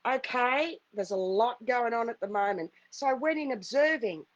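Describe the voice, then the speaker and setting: A woman's voice: fairly high pitch, animated, moderate pace, no room sound, highs cut off. A middle-aged woman, a spiritual healer, telling a personal story in an earnest, repetitive, emphatic way. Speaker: spiritual healer hosting a live stream.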